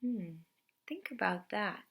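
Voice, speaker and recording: Slow, expressive woman reading to children. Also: medium pitch, creaky. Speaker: teacher reading aloud. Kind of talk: children's read-aloud narration.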